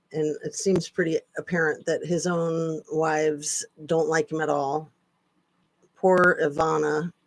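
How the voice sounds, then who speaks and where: Slow, chatty woman streamer. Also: low-pitched, dry recording. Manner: slow, chatty, sarcastic asides. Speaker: channel host. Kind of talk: casual live-stream chat.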